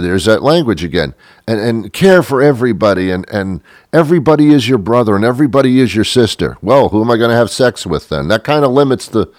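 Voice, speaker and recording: A man's voice: fairly low pitch, darkish tone, no echo, studio quality. A middle-aged man hosting a show, delivering a wry, rambling comic monologue with mock-biblical asides. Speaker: show host.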